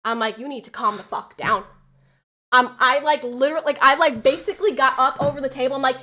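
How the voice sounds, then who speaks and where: A young woman streamer telling a story in casual chat, animated and swearing, acting out quotes loudly. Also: high voice, fast talker.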